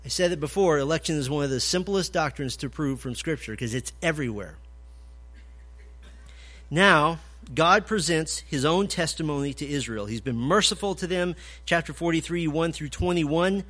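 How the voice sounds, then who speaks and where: A man preaching an expository sermon, emphatic, swinging from loud declarations to low, quiet points. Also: expressive, moderate pace. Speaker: pastor.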